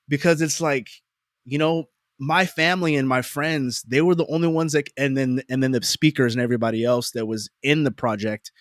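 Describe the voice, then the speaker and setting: A man telling a personal story in a casual conversation, animated and self-deprecating, with emphatic repetition. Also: medium pitch, fairly quick, dry recording, clean studio sound. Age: adult parent.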